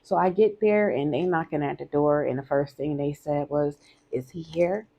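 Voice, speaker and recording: A woman's voice: deep voice, fairly even intonation, moderate pace, gravelly, mellow. A woman telling a personal story in a candid, conversational vlog, often repeating herself for emphasis.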